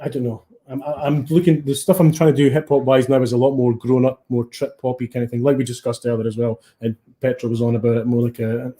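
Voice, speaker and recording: A man's voice: medium pitch, little pitch movement, quick pace, hardly any pauses, warm tone. A Scottish man telling stories as a guest in a casual radio interview, rambling with many restarts. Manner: rambling, full of restarts and fillers. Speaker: guest musician.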